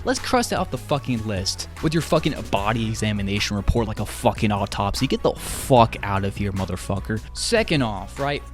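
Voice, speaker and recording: A man's voice: fairly low pitch, big pitch swings, fairly quick, hardly any pauses, soft background music. A man ranting in an online commentary video, exasperated and swearing heavily as he jumps between tangents. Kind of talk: profane commentary rant.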